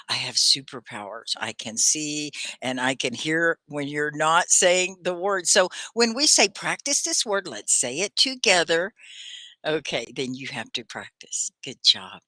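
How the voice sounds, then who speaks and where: A woman hosting a live online English class, speaking in a slow, carefully articulated way. Her voice sits a little low but swings widely in pitch, with a bright, forward tone. She laughs often, and the room sounds dry and close. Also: no echo. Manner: lively, articulates words clearly, often laughs. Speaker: English teacher and host.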